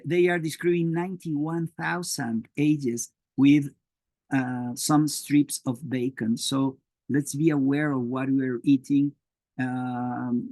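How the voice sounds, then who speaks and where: Male biochemistry lecturer from Mexico, Spanish native, unhurried and halting, mid pitch. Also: a little mellow, no echo. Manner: halting, many "uh" fillers and restarts. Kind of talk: academic lecture.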